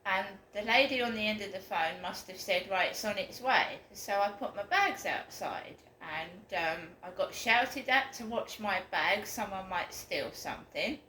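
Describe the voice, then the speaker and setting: Rambling, indignant woman, bright tone. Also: medium pitch, lively intonation, a little slow, hardly any pauses. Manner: rambling, indignant, gets worked up. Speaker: vlogger. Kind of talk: casual storytelling to camera. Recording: roomy echo, faint room noise.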